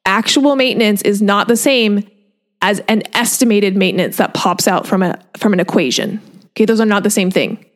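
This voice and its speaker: A woman nutrition coach talks straight to her listeners in a relaxed podcast monologue, her voice pitched in an ordinary middle range. She is chatty and loose, leans on "like" as a filler, and breaks into small laughs as she goes.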